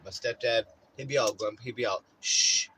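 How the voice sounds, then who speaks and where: A man chatting casually in a vlog from inside his RV, rambling and swearing, getting animated when he acts out stories. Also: mid-range voice, fast talker, a little hiss or hum, rough recording. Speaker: vlogger. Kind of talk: casual chat.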